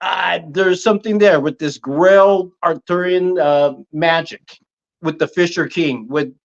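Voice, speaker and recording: Man, podcast host, enthusiastic rambling chat, high voice, video call. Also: unhurried, dull audio. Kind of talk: casual chat.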